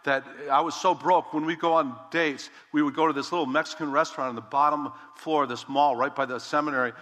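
A man in his fifties, a pastor, telling a personal story in a sermon, animated and repeating words as he acts out conversations. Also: fairly high pitch, fast talker, long reverb tail.

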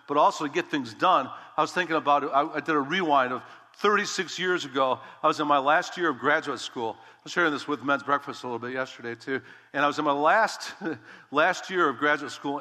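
During a sermon, a pastor in his fifties recounts a personal story, animated and repeating words as he acts out conversations. His voice sits at a medium pitch, and the sound carries the feel of a big room.

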